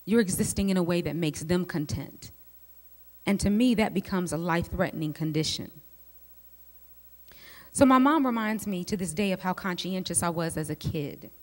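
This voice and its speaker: A woman, a psychologist giving a teaching talk to a group of women, telling lively personal stories and speaking straight to her listeners. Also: lowish voice, normal speed. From United States. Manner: lively storyteller who speaks straight to the audience. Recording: long hall reverb.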